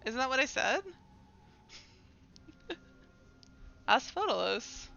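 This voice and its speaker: A woman's voice: fairly high pitch, very animated, moderate pace, gravelly, pushed and bright. A woman streaming a game, chatting playfully with her viewers and her pet in a casual commentary style. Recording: dull lo-fi stream audio.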